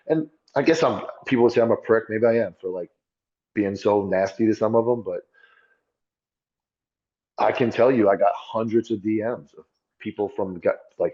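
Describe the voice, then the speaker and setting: Deep husky man, blunt and profane. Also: normal speed, lo-fi sound. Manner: blunt, profane and self-critical. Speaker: podcast guest, former police officer. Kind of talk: candid conversational storytelling.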